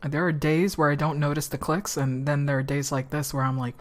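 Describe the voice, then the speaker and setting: A woman's voice: low-pitched, level tone, fairly quick. A woman streamer, chatting casually and swearing freely as she drifts between topics. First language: Spanish.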